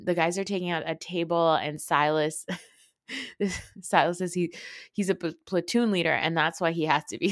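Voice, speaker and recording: A woman hosting a podcast, giving a casual, opinionated reality TV recap, swearing freely and mocking people with quick impressions. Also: sits low, no echo, studio quality. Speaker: podcast host.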